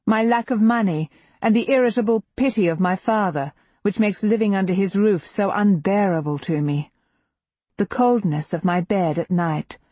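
A woman narrating a historical novel in the first person, in a measured, intimate and emotionally expressive reading. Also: mid-range voice, slightly rough, no room sound. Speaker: audiobook narrator.

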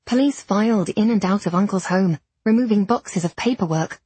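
Audiobook narrator, woman, breathy mid-range voice, dry close studio sound. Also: medium pitch, normal speed, no room sound. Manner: steady storytelling with period diction. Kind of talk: scripted first-person narration.

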